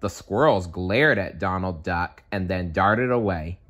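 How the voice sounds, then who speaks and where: A man reading a children's bedtime story aloud in a calm, measured way. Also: low-pitched. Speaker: storybook reader.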